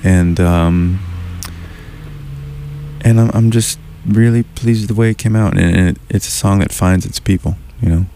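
A musician guest in a radio studio, telling stories in a loose, winding way that circles back on itself. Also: male voice, deep voice, fairly even intonation, a little slow, warm tone, slight background noise. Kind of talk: radio interview storytelling.

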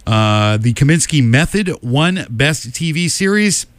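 A man in an easy, conversational recap, running down a list of winners and tossing in his own verdicts. His voice is mid-pitched and sounds dry and close, with little room around it. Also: animated, no echo. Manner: rattles off winners with quick opinions, many "uh" fillers. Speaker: podcast co-host. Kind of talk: casual awards recap chat.

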